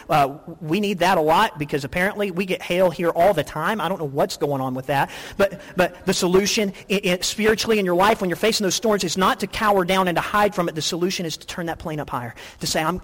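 Man, middle-aged, pastor, animated sermon, restarts often, fairly high voice. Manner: animated storytelling with many restarts. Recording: long hall reverb.

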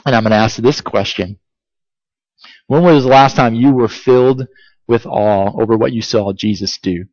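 A man preaching a sermon as pastor, emphatic and deliberate, asking his congregation repeated rhetorical questions. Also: medium pitch, darkish tone, dry recording, muffled recording.

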